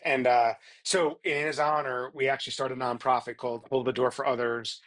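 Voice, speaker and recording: A man's voice: medium pitch, level tone, brisk, fairly bright tone. A middle-aged man speaking earnestly as a guest on a casual podcast interview, often restarting his sentences. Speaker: guest, performance psychologist.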